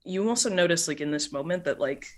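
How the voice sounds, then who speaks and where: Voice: mid-range voice, expressive, fast talker, poor audio. A game master narrating a tabletop game in casual speech full of filler words. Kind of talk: tabletop role-play narration.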